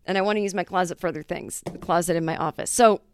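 A woman hosting her comedy podcast, talking in a chatty, self-mocking monologue with quick asides. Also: lowish voice, steady tone, a little hiss or hum.

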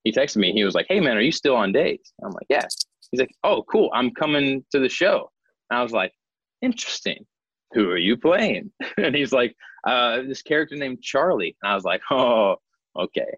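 A man's voice: medium pitch, sing-song, normal speed, a bit bright, breathy edge, dry recording, dull audio. A young man, an actor in a casual interview, chatting and acting out quoted dialogue as he tells a story. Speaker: actor interviewed about a show.

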